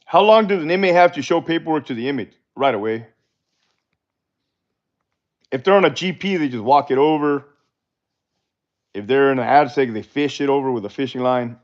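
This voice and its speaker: A man's voice: medium pitch, normal speed, pauses often. A middle-aged man and former prison officer, chatting casually on a livestream and answering viewer questions in a blunt, profane, laid-back way. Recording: dull lo-fi livestream audio.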